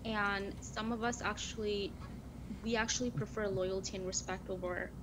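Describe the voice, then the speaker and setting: A woman in her twenties calling into a show, speaking hesitantly with frequent ums and throat clearing. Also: medium pitch, steady tone, normal speed, fairly bright tone, slight background noise, poor audio. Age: 20s. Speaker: caller. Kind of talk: call-in conversation.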